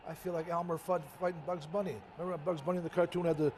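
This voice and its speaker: An older man, once a boxer, rambles through old fight stories in a casual interview, correcting himself and chuckling at his own tales. His voice is fairly high with little pitch movement, delivered rapid-fire and a little mellow, with slight hiss or hum in the background.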